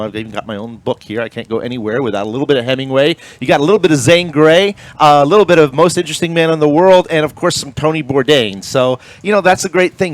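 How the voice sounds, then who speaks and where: A man's voice: mid-range voice, dry recording. Chatty upbeat man hosting a live radio talk show. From Florida Keys. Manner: chatty, jokey, upbeat promoter. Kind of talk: casual live broadcast chat.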